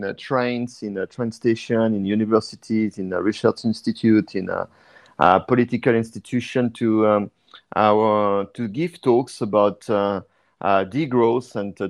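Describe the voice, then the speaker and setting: A man speaks in a somewhat low voice, pausing often with "uh" between phrases. He talks as a guest on a podcast, and the sound comes through a video call. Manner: hesitant, with frequent "uh" fillers. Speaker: guest, degrowth activist and researcher. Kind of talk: casual podcast interview.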